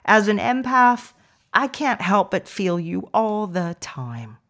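Woman podcast host, middle-aged, casual chatty delivery that slows into soft spoken affirmations. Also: mid-range voice, big pitch swings. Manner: chatty, warm affirmations, laughs often.

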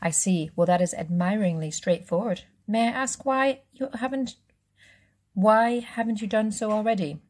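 A woman reading aloud voices a dry, polite gentleman guardian with an understated manner. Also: mid-range voice, normal speed, voice pushed up, close to an everyday voice.

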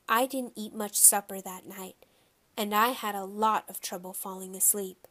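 A woman narrating a children's audiobook with expressive storytelling. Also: mid-range voice, normal speed.

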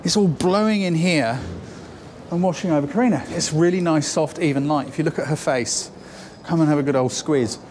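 A man's voice: fairly high pitch, a little fast, a little mellow, slight background noise. A man teaching photography on a shoot, chatty and encouraging, thinking aloud as he works. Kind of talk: on-location photo lesson. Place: outdoors then inside a building on a shoot.

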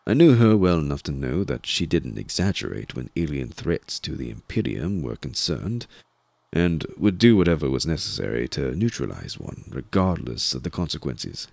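A man narrating a first-person audiobook in a dry, measured storytelling manner. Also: rumbling low, vocal fry, no echo.

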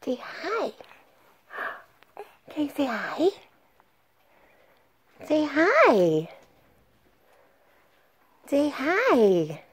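A middle-aged grandmother in slow, soft, sing-song baby talk, coaxing an infant. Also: high voice, huge pitch swings.

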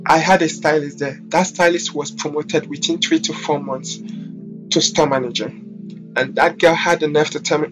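A man's voice: fairly high pitch, fairly bright tone. Sassy profane man telling a storytime. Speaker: vlogger, hairstylist. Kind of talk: storytime vlog.

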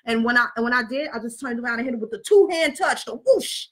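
A woman telling a story and ranting in a blunt, profane, animated way. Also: on the high side, fast talker. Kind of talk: casual rant and storytelling.

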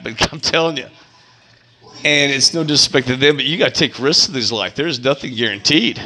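A middle-aged man rambles through personal stories in a loose vlog, running himself down. His voice sits at a middle pitch, with a bright, forceful edge. He talks casually, keeps breaking into laughter, and drifts from one tale to the next. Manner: chatty, laughs often, self-deprecating. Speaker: vlogger.

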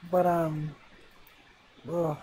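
A let's play gamer giving casual commentary, reading the game's dialogue aloud with sarcastic asides and clearing their throat as they come down with a cold. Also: medium pitch, flat delivery, very slow, warm tone, slight background noise, poor audio.

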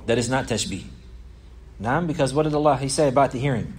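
A man teaching a religious lesson, explaining a classical text, repeating and restarting phrases and reading quoted passages quickly. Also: mid-range voice, animated, darkish tone, slight background noise.

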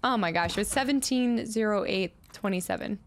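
A woman's voice: mid-range voice, fairly quick. A woman commenting on her own gameplay, muttering number combinations to herself, chatting with viewers and laughing often. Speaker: gaming streamer. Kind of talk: let's play commentary.

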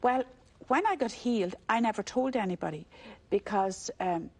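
An older Irish woman, a religious sister, telling her story in a relaxed interview. Her voice is husky and a little breathy, with a middle pitch, and she slips into the voices of the people she talks about. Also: normal speed. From Ireland. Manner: animated storyteller who acts out the voices in her story and laughs often.

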